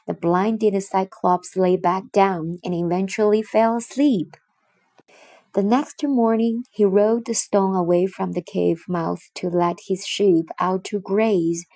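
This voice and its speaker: Slow, expressive woman reading a storybook. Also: medium pitch, no room sound. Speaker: storybook narrator. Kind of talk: reading a children's storybook aloud.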